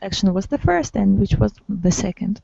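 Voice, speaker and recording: A woman's voice: medium pitch, very animated, fast, creaky, mellow, husky, no echo, lo-fi sound. A woman teaching an online English grammar lesson, patiently correcting and repeating words for her students.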